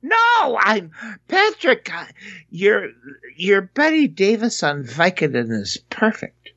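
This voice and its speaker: Podcast co-host, very slow drawl, bright tone, lo-fi recording. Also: medium pitch, wildly swooping pitch, no echo. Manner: laughs often, drawn-out reactions. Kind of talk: casual comedic movie chat.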